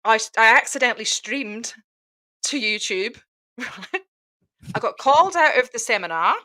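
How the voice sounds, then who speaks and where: Bright, bubbly Australian woman telling a story. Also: fairly high pitch, normal speed. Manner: animated, laughing, mimics voices in retelling. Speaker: guest protester. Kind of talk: casual storytelling chat.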